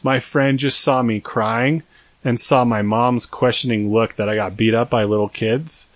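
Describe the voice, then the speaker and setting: A man's voice: medium pitch, fairly even intonation, a little slow, dry recording. A young man co-hosting a podcast, telling a long story in a rambling, self-deprecating way. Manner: rambling, self-deprecating, acts out quoted voices. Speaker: podcast co-host. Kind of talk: casual storytelling chat.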